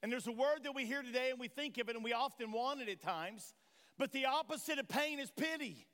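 Preaching with passion in a strikingly high, bright voice, a male pastor from Tennessee, USA, speaks briskly and forcefully in a church sanctuary. He keeps drawing in the congregation with questions, and his words ring out in a long church-hall reverb.

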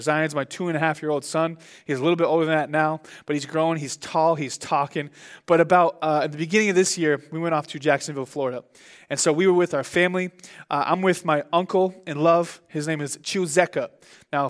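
A young man preaching a sermon as pastor, in an animated, conversational way with big swings in his voice. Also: fairly high pitch.

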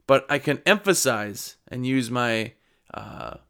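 A man's voice: mid-range voice, expressive, slow, vocal fry, bright, forceful tone, clear, resonant tone. A man who runs a window cleaning business, giving casual sales advice to camera and acting out exchanges with customers. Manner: conversational, acts out customer exchanges.

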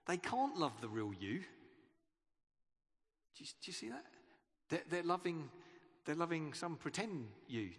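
A man preaches in an earnest, conversational way, his voice sitting a little high. He often stumbles and restarts a phrase. A long church-hall reverb trails after every word. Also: fairly bright tone. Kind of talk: sermon.

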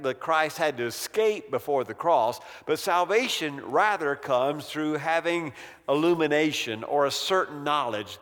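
Male Bible study teacher, slightly high voice, easy conversational delivery that slows on key words, long church-hall reverb. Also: a bit bright. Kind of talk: evening Bible study lecture.

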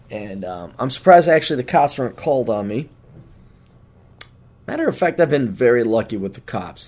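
A man's voice: medium pitch, sing-song, normal speed, long pauses. A man hosting a podcast, rambling profanely and mocking himself in a casual solo monologue. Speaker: podcast host.

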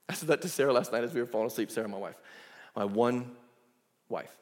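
A male pastor delivering a sermon, telling the story in a lively, casual way with asides. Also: medium pitch, fast. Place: church sanctuary. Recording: echoey church hall.

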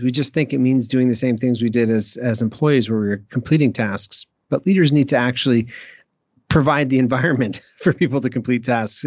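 A man's voice: mid-range voice, darkish tone, dry recording, clean studio sound. A man from Maine, guest on a podcast, talking reflectively with frequent restarts and small laughs. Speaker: author and guest. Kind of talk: podcast interview.

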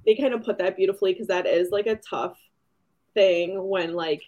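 A woman's voice: mid-range voice, normal speed, a little mellow. A woman co-hosting a book review podcast, chatting casually, laughing often and acting out quotes. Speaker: podcast co-host.

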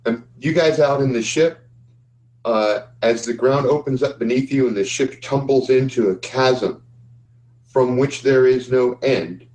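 A man's voice: medium pitch, a little slow, low-quality recording. Man running a tabletop game. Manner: steady, descriptive storytelling. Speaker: game master.

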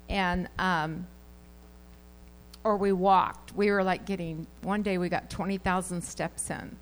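A woman speaks to her church congregation in an even, middle-pitched voice. Her manner is earnest and conversational as she shares a heartfelt testimony. She talks to them as friends from the pulpit. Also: rough recording. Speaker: church member giving a report.

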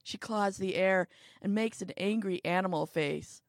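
A woman narrating a first-person story, wry and tense, dropping to hushed tones and rising for quoted lines. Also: mid-range voice, a little slow, no room sound, studio quality. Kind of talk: first-person story reading with acted dialogue.

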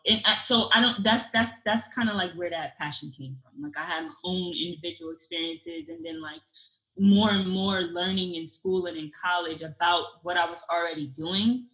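Bright-voiced young woman in an echoey room. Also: fairly low pitch. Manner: earnest, rambling, many restarts and fillers. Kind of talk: casual conversational chat.

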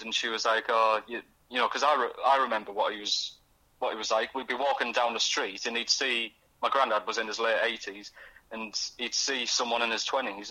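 A young man is talking in a casual radio interview. His voice is bright and forceful, and his sentences halt and restart as he slips into the voices of the people in his stories. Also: lowish voice, poor audio. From North East England. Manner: halting, many restarts, acts out quoted voices. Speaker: guest author. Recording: radio studio.

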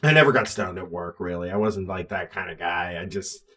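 A man's voice: low-pitched, a little fast, sharp tone. A man chatting casually with friends, rambling, swearing freely and laughing while he talks. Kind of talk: casual chat.

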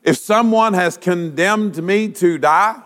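A male pastor delivering a sermon, asking rhetorical questions and using dramatic pauses. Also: sits high, a bit bright, big-room sound.

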